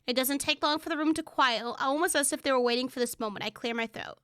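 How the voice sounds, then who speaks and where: A woman streamer reading a dating game's narration aloud in a measured tone, with profane asides. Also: sits high, fairly bright tone, clear, resonant tone, dry recording, studio quality. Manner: swears freely, reads narration in a measured tone. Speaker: gaming streamer. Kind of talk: reading a game aloud with reactions.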